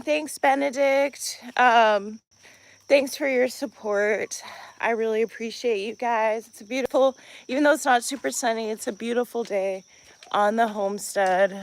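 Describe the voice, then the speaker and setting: A woman's voice: fairly high pitch, measured pace. A woman live-streaming a casual vlog from her off-grid cabin and homestead, chatting to viewers and calling them y'all as she moves around. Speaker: vlogger, homestead channel co-host.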